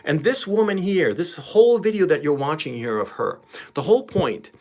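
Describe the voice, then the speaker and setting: A man's voice: on the high side, animated, moderate pace. A man giving casual video commentary in a rambling, emphatic way, often repeating words and tossing in rhetorical questions.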